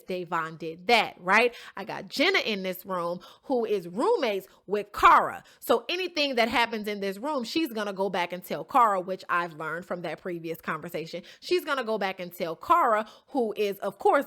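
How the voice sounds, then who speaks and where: Emphatic woman, bright voice, recapping. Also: mid-range voice. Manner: emphatic, keeps checking in with "okay?" and "right?"; swears casually, storytelling tone. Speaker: reality show contestant recapping an episode. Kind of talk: casual recap to camera.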